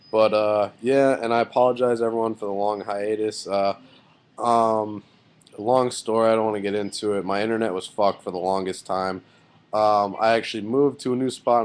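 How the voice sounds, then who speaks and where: A man's voice: on the low side, darkish tone. A man giving a casual video review of a wrestling show, loose and rambling with many fillers and blunt, swearing opinions. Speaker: wrestling vlogger.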